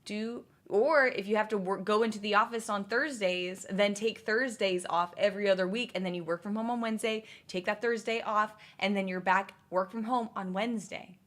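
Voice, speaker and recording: Young woman streamer just yapping at chat, lots of likes and restarts, mid pitch. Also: moderate pace, hardly any pauses, fairly bright tone. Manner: rambling, answers chat messages, many fillers and restarts. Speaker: streamer chatting with viewers. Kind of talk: casual livestream chat.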